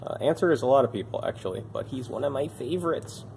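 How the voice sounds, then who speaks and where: A man's voice: mid-range voice, lively intonation, fast talker, vocal fry, a little mellow, slight background noise. A young man who works at a bike shop, talking casually and with dry, self-mocking humor about old bike parts while sounding tired. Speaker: bike shop mechanic and video host. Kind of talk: casual show-and-tell talk.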